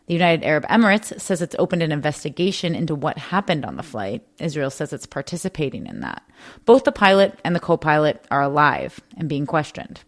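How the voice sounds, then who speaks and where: A woman foreign correspondent giving a calm, deliberate radio news report. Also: deep voice.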